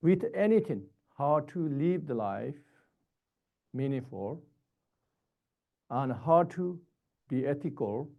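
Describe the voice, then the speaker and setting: A man giving a Buddhist dharma teaching in short, halting, repetitive phrases. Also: fairly high pitch, animated, creaky, narrow, tinny audio.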